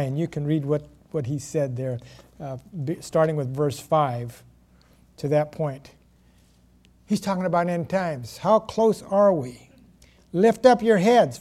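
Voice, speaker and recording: A man preaching a sermon, reading scripture and stressing key words with pauses. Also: sits high, warm tone. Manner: slow, emphatic preaching with pauses and self-corrections.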